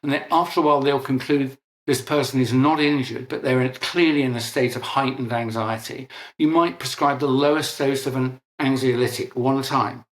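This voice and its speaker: A man's voice: medium pitch, steady tone, moderate pace, few pauses. An older British man explaining technical matters earnestly in an interview, often restarting words. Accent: British English. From Britain. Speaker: interviewed scientist. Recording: echoey room.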